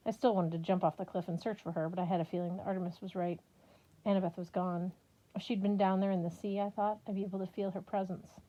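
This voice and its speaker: A woman's voice: mid-range voice, fairly even intonation, fast, mellow, muffled recording. A woman giving a casual, wry first-person storybook narration of an audiobook. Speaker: audiobook reader.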